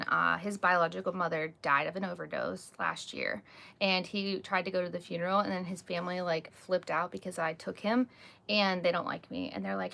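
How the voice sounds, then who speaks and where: A woman's voice: fairly low pitch, vocal fry, sharp tone. A woman hosting a casual live stream, chatting openly and reading out viewer comments, with frequent "like" and "um" fillers. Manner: candid, talks with many "like" and "um" fillers. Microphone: phone or webcam, live stream.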